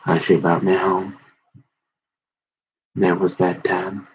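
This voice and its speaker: A man's voice: low voice, slow pace, breathy edge. A middle-aged man telling rambling stories from his school days in casual chat, acting out the voices of the people he quotes. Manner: rambling, quoting others in animated voices. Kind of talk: casual storytelling about high school memories. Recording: dull lo-fi recording.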